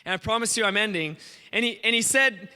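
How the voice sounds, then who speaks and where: A man preaches with a high, very bright voice, acting out the characters in the story he tells. He keeps asking the crowd questions. His voice rings with a long reverb from a big conference hall. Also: fast, clean tone. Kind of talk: energetic sermon.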